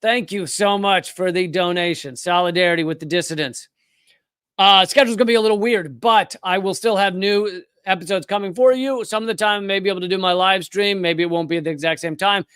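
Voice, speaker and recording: Hosting a casual livestream, a man from Richmond, Virginia speaks with a slight Southern Virginia twang, loose and conversational with blunt profanity. His high, fairly bright voice is clean and brisk. The dry, studio-quality recording is free of echo.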